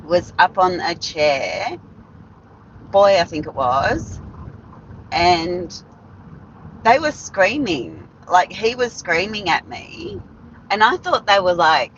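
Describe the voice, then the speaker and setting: A woman's voice: fairly low pitch, big pitch swings, takes it slowly, long pauses, a bit bright, muffled recording, slight background noise. A woman telling stories on a casual live stream, blunt and rambling, swearing freely and restarting her sentences.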